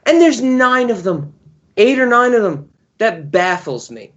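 Rambling podcast guy, slightly high voice. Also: big pitch swings, a little slow, a bit bright, dull audio. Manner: long-winded, rambling explanations. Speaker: podcast co-host. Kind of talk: casual chat.

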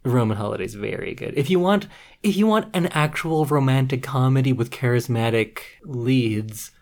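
Woman co-host, gravelly tone, dry sarcastic movie chat. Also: rumbling low, expressive, moderate pace, a little mellow. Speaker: podcast co-host. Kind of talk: casual movie review chat.

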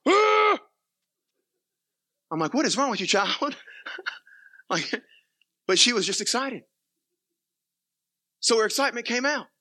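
Young male pastor, bright high voice, animated sermon delivery with quiet asides. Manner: animated preaching, swings from quiet asides to loud emphatic peaks.

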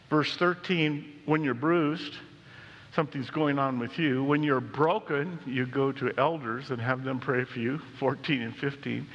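A man pastor preaching a sermon, reading scripture and telling stories in an animated way, rising and dropping as he talks. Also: medium pitch, in a large hall, dull audio. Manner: animated preaching that swings between lively and hushed. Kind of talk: sermon with storytelling.

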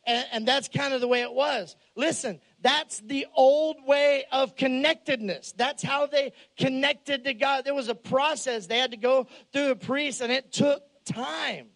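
A man preaching a humorous storytelling sermon, animated and joking, shouting some lines for emphasis. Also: extremely high pitch, moderate pace, vocal fry, few pauses. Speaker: pastor.

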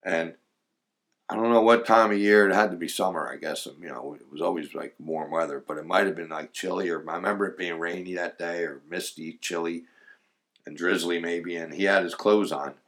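A former clammer reminisces about his old days digging clams, rambling casually with fillers and laughing through the stories. His voice sits low and a touch bright, and he talks a little fast.

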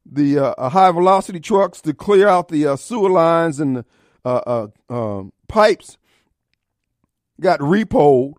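Man, middle-aged radio host: high, lively pitch, combative mocking rants, dry studio sound. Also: a little slow, dry recording. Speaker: radio talk show host. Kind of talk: opinionated talk radio monologue.

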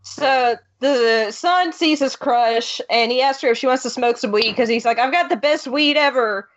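A woman chatting casually about a movie, walking through the plot and quoting what the characters say. Her voice sits high. The sound is dull and lo-fi. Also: normal speed. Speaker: podcast co-host.

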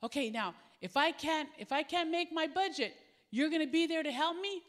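A woman's voice: high-pitched, lively intonation, normal speed, big-room sound, voice pushed up. A woman preacher voicing a hesitant, worried man who is afraid to give his tithe. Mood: anxious.

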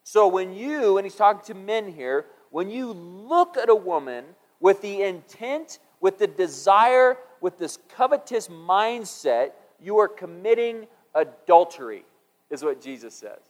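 A middle-aged man preaching a sermon in a conversational, musing way, rising for emphasis and dropping low when quoting scripture. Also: very animated, unhurried. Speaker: pastor.

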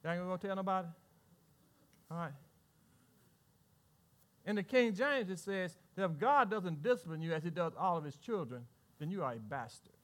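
A male pastor preaching a sermon. He asks the congregation questions and swings between loud, rising lines and hushed asides. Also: high voice, lively intonation, moderate pace, pauses often.

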